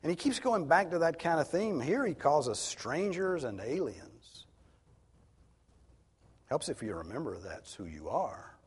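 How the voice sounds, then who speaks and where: A man's voice: fairly high pitch, big pitch swings, measured pace, breathy edge. A man preaching an expository sermon as pastor, teaching in an earnest, emphatic way. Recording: long reverb of a hall.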